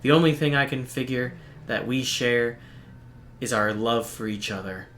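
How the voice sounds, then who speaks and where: A man's voice: mid-range voice, slight background noise. Man reading game narration steadily. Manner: steady, even narration broken by quick dry asides. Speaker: game streamer. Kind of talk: reading a visual novel aloud with commentary. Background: faint game music.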